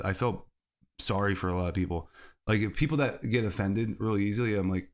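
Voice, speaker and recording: A man's voice: fairly low pitch, a little fast. A man hosting a solo comedy podcast, rambling from bit to bit and laughing at his own jokes. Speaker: podcast host.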